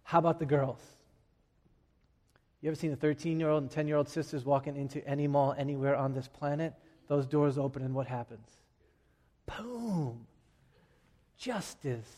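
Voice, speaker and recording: A man preaching a sermon as pastor, animated and joking, swinging between loud shouts and quiet asides. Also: fairly high pitch, moderate pace, long pauses. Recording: long reverb of a large hall.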